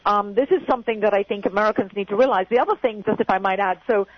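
An older English woman in her sixties talks quickly and emphatically as a radio guest, circling back to repeat her key points. Her voice comes through dull and muffled, like radio or phone audio. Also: mid-range voice, no room sound. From England. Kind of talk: casual radio chat.

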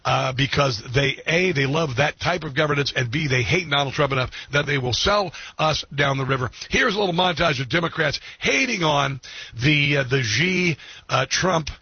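A male talk radio host delivers a political monologue in a bright, slightly raspy voice, full of "uh"s and restarts. The sound is dry and dull, like lo-fi radio. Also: a little high, moderate pace, dry recording. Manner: rambling, many fillers and restarts. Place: Washington, D.C.

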